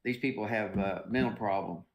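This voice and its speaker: A man's voice: fairly low pitch, a little fast, highs cut off. Male host, blunt and plainspoken, echoey room. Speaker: talk show host. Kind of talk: casual talk show chat.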